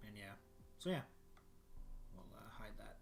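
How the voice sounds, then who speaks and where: A man's voice: lowish voice, expressive, a little slow, creaky. A young man streaming from his bedroom, chatting casually and rambling with lots of fillers and restarts. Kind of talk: casual solo livestream chat.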